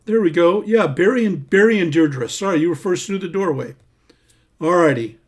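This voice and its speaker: Hosting a casual livestream, a singer-songwriter with a voice that sits high talks at a normal pace. Warm and meandering, he reads viewers' names aloud while scrolling through the comments.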